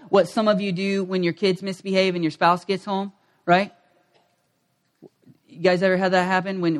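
A middle-aged male pastor giving a conversational sermon, acting out quoted voices and asides to the congregation. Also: high voice.

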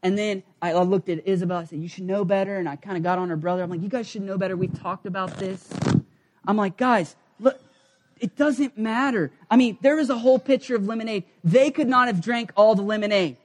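A middle-aged man preaching a sermon in a conversational, animated storytelling manner. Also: high-pitched, quick pace. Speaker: pastor.

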